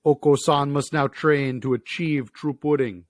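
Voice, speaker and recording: A man voicing a hyper, melodramatic male pigeon in a Jamaican accent, declaiming slowly in grand archaic phrases. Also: medium pitch, fairly even intonation, dry recording, close to an everyday voice. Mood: vengeful grandeur.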